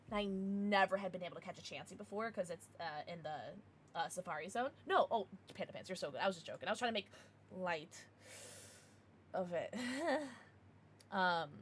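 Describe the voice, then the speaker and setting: Bubbly, lively woman streamer. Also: medium pitch, moderate pace, a little hiss or hum. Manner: bubbly, laughs often, reacts to chat. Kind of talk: casual livestream chat.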